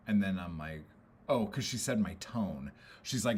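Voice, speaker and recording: A man's voice: lowish voice, normal speed, a little mellow, slight background noise. A man venting on a casual livestream, frustrated and rambling, swearing often and filling gaps with "um" and "like". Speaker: poet and streamer.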